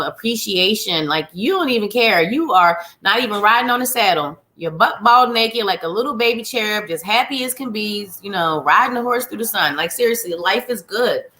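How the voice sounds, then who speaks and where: A woman's voice: medium pitch, pushed and bright. A chatty woman hosting a live tarot reading stream, greeting viewers by name and reading cards in a bubbly way. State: slightly winded. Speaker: psychic reader hosting a live show.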